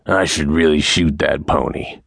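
Menacing cowhand, read by a male narrator: low, gravelly, quiet and dispassionate. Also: fairly even intonation, moderate pace, no room sound, clean studio sound, full character voice. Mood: cold. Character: thin, menacing young cowhand, soft-spoken.

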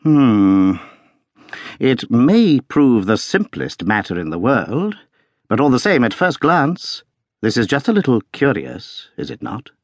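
A man voicing a shrewd detective who reasons aloud in a measured, wry, thoughtful way. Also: mid-range voice, wildly swooping pitch, no echo, studio quality, heavily acted.

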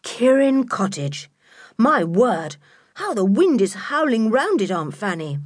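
A polite, sensible older boy from a children's storybook, played by a woman narrator, speaking brightly with his pitch lifted. The voice is a touch husky and recorded close and dry. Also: very animated, slow, no room sound, full character voice. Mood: cheerful.

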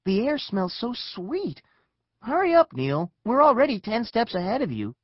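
A man voicing a bold, cheerful young girl who talks briskly and a little bossily in a children's audiobook. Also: very high-pitched, wildly swooping pitch, dry recording, dull audio, pitched above the performer's own voice, full character voice.

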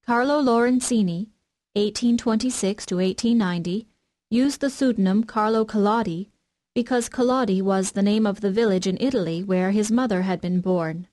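A woman narrating an unabridged classic children's audiobook, gently addressing young readers. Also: mid-range voice, normal speed. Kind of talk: scripted storybook narration.

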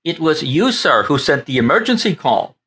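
A man's voice: on the high side, very animated, normal speed, pushed and bright, husky, voice pushed up, full character voice. A man voicing an eager young station attendant in an audiobook, stubborn and insistent about the rules.

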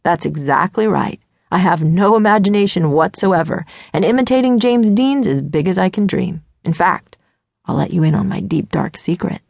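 A cocky, easygoing teenage boy teases with a laid-back drawl, as a woman narrator puts him on. His voice sits low with a gravelly edge. The sound is dry and close, as in an audiobook. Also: expressive, moderate pace, darkish tone, no room sound. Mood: playful.

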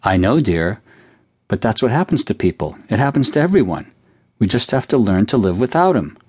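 A man voicing a mother who speaks to her crying daughter in a worried, gently soothing way. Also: lowish voice, very animated, fairly quick, breathy edge. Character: caring mother of two, anxious and comforting.

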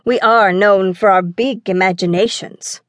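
A curious, daring boy prince, eager and full of teasing, as a woman narrator acts him out. He talks in a middle pitch, recorded dry and close for a children's audiobook. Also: fairly even intonation, a little slow, no room sound, close to an everyday voice. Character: bold curious boy prince, younger brother.

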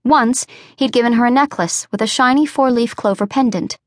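A woman narrating an unabridged audiobook in a measured, even storytelling voice. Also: a little high, no room sound, clean studio sound.

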